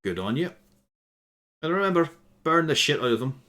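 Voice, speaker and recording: A man voicing a gruff, foul-mouthed male woodland caretaker who talks bluntly and sarcastically. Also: fairly high pitch, big pitch swings, normal speed, pushed and bright, pitched above the performer's own voice. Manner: blunt, sarcastic and swearing freely.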